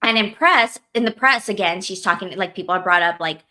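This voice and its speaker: A woman's voice: mid-range voice, fairly quick, sharp tone. A woman co-hosting a podcast, ranting in casual chat, heated and profane, full of filler words. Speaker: podcast co-host.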